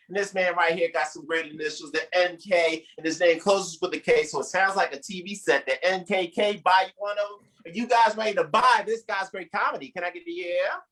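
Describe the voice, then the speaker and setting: A man's voice: high voice, low-quality recording. A man emcees a comedy show. He talks loosely and with energy, hyping up the crowd and introducing each act. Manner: loose, animated, hypes up the crowd.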